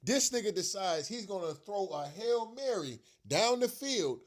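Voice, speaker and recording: In a high voice with big pitch swings and an unhurried delivery, a sports rant vlogger vents his frustration as a fan on his own show. Upset, he curses, uses slang, repeats himself and laughs in disbelief throughout this fired-up rant.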